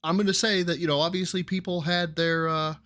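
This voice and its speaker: A man's voice: sits high, little pitch movement, brisk, a bit bright, faint music behind. A man hosting a casual reaction show, thinking aloud and teasing while watching gameplay. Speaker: host reacting to a stream.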